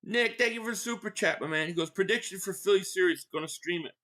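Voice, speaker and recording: A man from the Philadelphia area live-streams a football game, rambling casually, reading viewer messages aloud and offering blunt fan takes. He has a high, sharp voice and talks fast.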